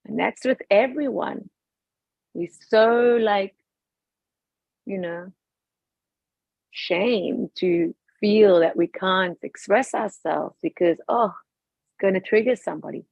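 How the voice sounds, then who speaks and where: A woman's voice: mid-range voice, slow, creaky, pauses often, no room sound. A woman guest talking with passion, emphatic and outspoken about her views. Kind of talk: passionate personal talk. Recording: dull lo-fi recording.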